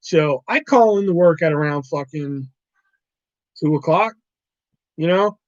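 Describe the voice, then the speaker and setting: A man's voice: on the high side, a little slow, darkish tone, no room sound. A man hosting a live stream at home, telling a rambling, profane story in casual talk and laughing often. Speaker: livestream host. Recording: dull lo-fi dry mic.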